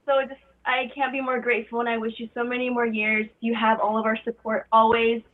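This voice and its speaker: A woman's voice: a little high, monotone, brisk. A young woman calling in to a radio show, effusive and emotional, saying "like" a lot. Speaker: caller. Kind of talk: phone call-in chat. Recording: tinny phone line.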